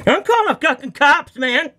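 Brief: woman, very high voice, agitated and swearing, self-shot car vlog. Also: expressive, moderate pace, bright, forceful tone, a little hiss or hum. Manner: agitated, swearing, repeating herself. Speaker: vlogger filming from her car. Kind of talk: upset self-filmed dash cam vlog. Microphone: dash cam in a car.

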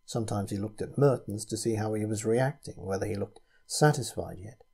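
A man reading a story aloud as narrator, in a measured storytelling manner. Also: fairly low pitch, gravelly, mellow, breathy edge. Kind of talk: scripted narration.

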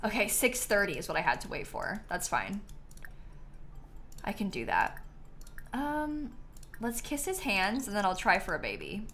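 A young woman chatting casually to her viewers while playing a game live, animated and talking back to the game. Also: mid-range voice, unhurried, long pauses, slight background noise. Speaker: streamer. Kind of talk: casual live-stream gameplay chat. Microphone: headset.

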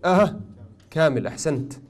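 A man teaching a tajweed class, questioning his students often and joking gently. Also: a little high, measured pace. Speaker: Quran recitation teacher.

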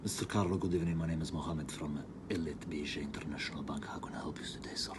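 A man playing a stalling bank supervisor who speaks low and half-whispered. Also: fairly even intonation, fast talker, very noisy. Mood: hushed stalling. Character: male call supervisor, hushed and stalling. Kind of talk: comedic phone prank skit.

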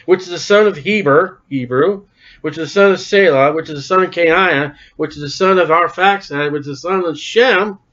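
Folksy preacher, slightly high voice. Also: male voice, moderate pace, fairly bright tone. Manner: folksy, breaks off the reading with wry joking asides. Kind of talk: sermon, reading scripture aloud. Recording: dull lo-fi recording.

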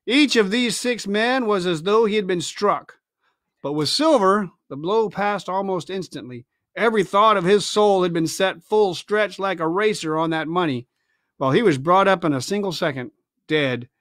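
Bright, lively man reading aloud. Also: high voice, normal speed, dry recording, studio quality. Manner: expressive, chatty asides. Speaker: reader. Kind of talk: reading a novel aloud on a livestream. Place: family home, indoors.

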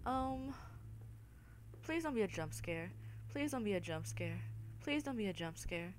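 A woman's voice: mid-range voice, animated, unhurried, a little hiss or hum. A woman hosting a horror game let's-play, swearing and crying out in fright while talking to her viewers. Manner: jumpy, swearing, loud frightened outbursts; talks to viewers as y'all. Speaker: gaming video host.

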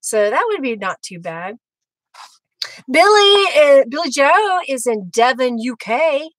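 A woman's voice: sits high, sing-song, unhurried, dry recording, low-quality recording. A middle-aged woman, chatting casually and laughing often while she hosts a live craft demo. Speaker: craft livestream host.

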